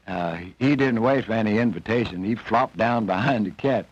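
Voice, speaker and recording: A man's voice: fairly low pitch, normal speed, no room sound. A man telling a folk tale in a folksy, homespun drawl, from an old film soundtrack. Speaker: storyteller. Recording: dull old film soundtrack, faint music.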